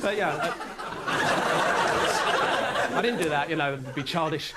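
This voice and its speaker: Deadpan comic over a noisy room. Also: male voice, fairly high pitch, unhurried, over a noisy crowd. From North London. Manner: deadpan, self-deprecating, slips into silly impressions. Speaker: stand-up comedian. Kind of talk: stand-up comedy set. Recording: noisy live club recording. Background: audience laughter.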